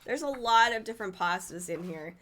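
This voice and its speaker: A woman with an expressive, mid-range voice that's a bit bright talks briskly while flipping through a cookbook she's reviewing. Chatty and keen, she stumbles over the foreign dish names.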